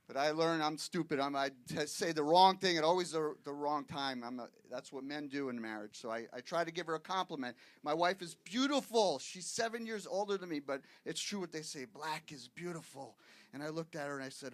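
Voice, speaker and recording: A man's voice: a little high, moderate pace, no room sound. A man from Boston doing a stand-up comedy set, punchy and wisecracking, checking in with the crowd. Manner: wisecracking, punchy delivery with frequent "okay, guys?" asides. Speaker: stand-up comic guest. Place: live comedy show with audience.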